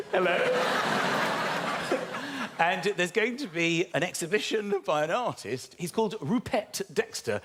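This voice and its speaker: A man performing stand-up comedy in a theatre, animated and excitable, acting out conversations in put-on voices. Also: a little high, very noisy. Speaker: stand-up comedian and show host. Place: large theatre with a live audience. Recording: roomy theatre with loud audience laughter. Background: loud audience laughter.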